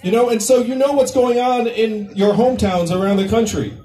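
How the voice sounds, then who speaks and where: A man's voice: high-pitched, fairly even intonation, a little fast, dark tone, echoey room. A man, a presidential candidate, giving a campaign rally speech in a conversational, joking way with the crowd. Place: political rally venue. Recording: distant mic at a rally.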